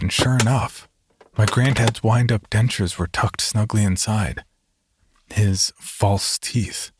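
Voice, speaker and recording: A man narrating a first-person horror story in a measured, scripted way. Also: fairly low pitch, noisy background.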